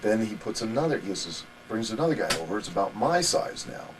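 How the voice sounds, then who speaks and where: A man telling wrestling stories as a guest in a shoot interview, animated and laughing as he goes. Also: lowish voice, fairly quick, background noise. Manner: animated, laughing anecdotal storytelling.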